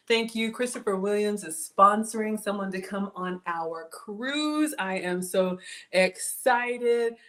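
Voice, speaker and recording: A middle-aged woman, hosting a casual cooking livestream, chatty and excitable, talking straight to her viewers. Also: a little high. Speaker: home cook livestream host.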